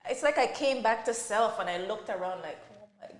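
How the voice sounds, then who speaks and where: A woman's voice: medium pitch, fairly quick, reverberant. A woman, a podcast guest, telling a painful personal story in conversation and often quoting what others said. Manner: emotional, quotes others' words.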